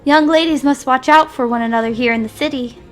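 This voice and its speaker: A woman's voice: sits high, fast talker, soft background music, close to an everyday voice. A woman voicing a refined, overly polite young lady from a visual novel, speaking in a prim and formal manner.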